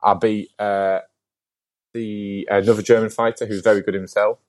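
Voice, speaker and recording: A man chatting as a guest on an interview podcast, telling a story in a lively, casual way, with lots of "like" and the odd swear word. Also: lowish voice, normal speed.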